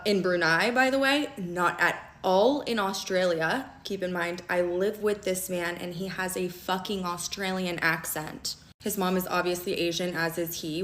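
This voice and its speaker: A young woman telling a story in a casual vlog, animated and fast, with constant "like" and "okay?" checks. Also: on the low side, echoey room. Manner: animated, fast and conversational, heavy use of "like" and "okay?". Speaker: storyteller recounting a relationship.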